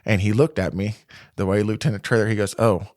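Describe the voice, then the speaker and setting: A man with a low Midwestern voice tells a story as a podcast guest. He rambles easily and starts lines over as he goes. The sound is dry and close. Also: fast talker, no room sound. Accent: Midwestern American. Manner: relaxed, rambling, many fillers and restarts. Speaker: podcast guest, corrections lieutenant. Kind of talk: casual storytelling interview.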